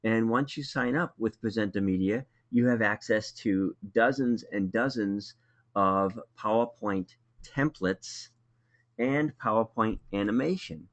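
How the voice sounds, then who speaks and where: A man with a Boston accent presenting a live webinar tutorial in a relaxed, conversational way, with frequent ums. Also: lowish voice, measured pace, highs cut off.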